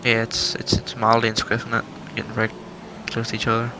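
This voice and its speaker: A man's voice: mid-range voice, completely flat delivery, quick pace. A man casually commentating a sim race, chatty and wondering aloud. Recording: noisy game audio behind. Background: racing car engine noise.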